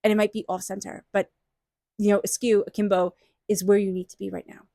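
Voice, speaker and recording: A woman giving a tarot reading in a gentle, soothing, affirming way. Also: medium pitch, little pitch movement, brisk, creaky, no echo, studio quality. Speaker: tarot reader.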